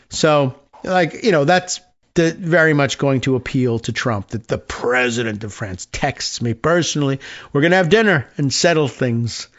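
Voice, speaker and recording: A man's voice: medium pitch, lively intonation, brisk, lo-fi sound. A middle-aged man hosting a political talk show, reading news aloud with sarcastic asides and lots of fillers. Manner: wry and sarcastic, rambling with many fillers. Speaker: radio talk show host.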